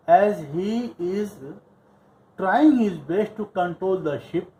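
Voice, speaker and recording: A male literature teacher walking students through a play, repeating each point patiently. His voice sits high and moves in wide, lively swings, and he takes it slowly. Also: poor audio. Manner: repetitive, patient paraphrasing. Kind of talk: explaining a play line by line.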